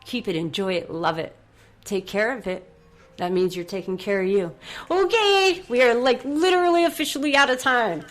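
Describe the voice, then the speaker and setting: A woman hosting a motivational radio show, leading a guided breathing exercise and cheering her listeners on in an effusive, upbeat way that swings from soft to excited. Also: fairly high pitch, normal speed, faint music behind.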